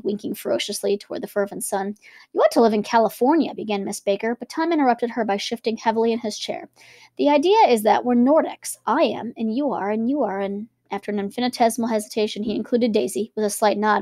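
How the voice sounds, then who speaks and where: A woman's voice: on the high side, darkish tone, no echo. A woman reading a classic novel aloud and stopping for casual commentary. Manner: quick, conversational asides between reading. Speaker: reader and teacher.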